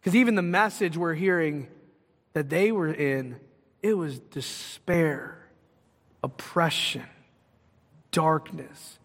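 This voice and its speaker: Pastor, male, higher-pitched, conversational sermon that builds in emphasis; church hall reverb. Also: slow pace, long pauses, a bit bright. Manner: conversational preaching with rising emphasis.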